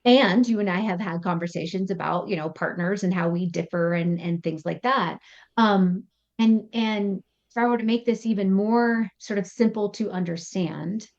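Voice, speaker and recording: Woman therapist on a podcast, lively, slips into little acted-out quotes, kinda dull lo-fi sound. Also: medium pitch. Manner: animated, acts out example thoughts in quotes. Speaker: psychotherapist guest. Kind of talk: explanatory podcast interview.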